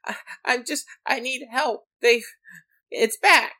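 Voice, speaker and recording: A man's voice: very high-pitched, takes it slowly, pushed and bright, voice pushed up, heavily acted, rough recording. A woman voicing a frail, panicked little male gnome who gasps and pleads breathlessly. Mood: frantic.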